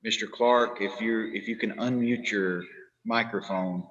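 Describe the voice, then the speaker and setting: A man with a low voice moderates a meeting in a courteous, formal way. The call audio is dull and lo-fi, which muffles him slightly. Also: fairly even intonation, a little slow, fairly bright tone. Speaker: meeting chair.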